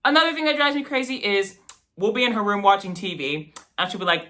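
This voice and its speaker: An eighteen-year-old man hosting a vlog, telling casual, animated stories about his mother to the camera. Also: fast. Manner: animated, mimics his mother with jumps in pitch. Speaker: vlog host.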